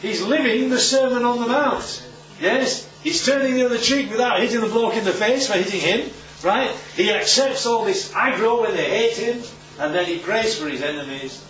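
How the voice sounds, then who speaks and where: A man's voice: very high-pitched, normal speed, soft background music. A man preaching to a live audience, teaching emphatically and checking in with rhetorical questions. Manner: emphatic, lively teaching delivery. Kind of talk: sermon-style Bible teaching. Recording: echoey, distant, muffled room recording.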